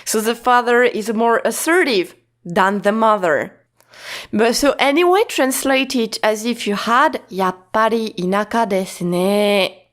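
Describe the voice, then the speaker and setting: A woman teaching a lesson in a casual, patient way, repeating points slowly with restarts and fillers. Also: on the high side. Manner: slow, repetitive, patient explaining with many restarts and fillers. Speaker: Japanese teacher.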